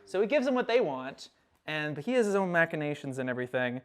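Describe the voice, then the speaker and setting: A young man giving a casual recap lecture, animated, acting out characters' lines with sudden loud outbursts. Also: a little high, fast talker, smooth.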